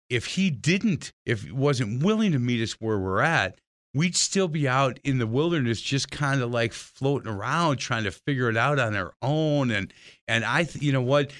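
A man's voice: medium pitch, a bit bright, no echo, studio quality. Chatty laughing male radio host. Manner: chatty, laughing, stumbling restarts. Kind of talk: casual radio interview.

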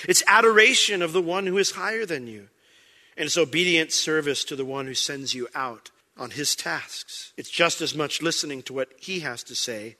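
A man's voice: on the high side, sharp tone. A man preaching a sermon as pastor, conversational and emphatic.

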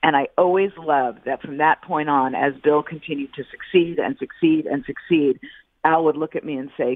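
A middle-aged woman, a football analyst calling in as a radio guest, speaking deliberately and repeating words for emphasis. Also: low-pitched, fairly even intonation, no room sound. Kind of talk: sports radio phone interview. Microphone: phone. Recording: tinny phone line.

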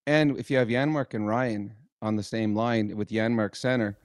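A middle-aged man co-hosting a podcast, telling a story in a lively, animated way and loudly acting out the people he quotes. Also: on the low side, moderate pace, dry recording, studio quality. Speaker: podcast co-host, former hockey player. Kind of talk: casual storytelling chat.

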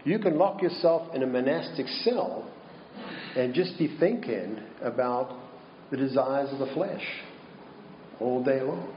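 A man preaching a sermon slowly and deliberately, posing rhetorical questions to his congregation. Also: medium pitch, expressive, echoey room, dull audio, a little hiss or hum. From Minnesota.

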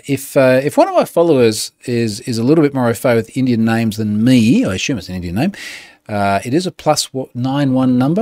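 A man's voice: mid-range voice, a little mellow, dry recording, studio quality. A man, hosting a weekly show in a chatty, amused way and laughing often. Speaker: podcast host. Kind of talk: casual solo show talk.

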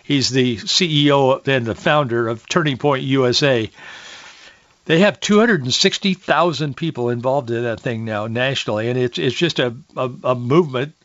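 A man's voice: medium pitch, moderate pace, a bit bright, no echo, highs cut off. A man hosting a talk radio show, reading quotes and commenting with folksy restarts and rising heat.

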